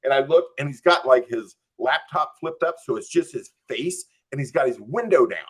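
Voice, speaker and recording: A man's voice: medium pitch, normal speed. A man guest on a podcast telling a long anecdote, acting out his own thoughts and peppering it with "like.". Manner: animated, acts out his own quoted thoughts; frequent "like" and "I'm just like" fillers.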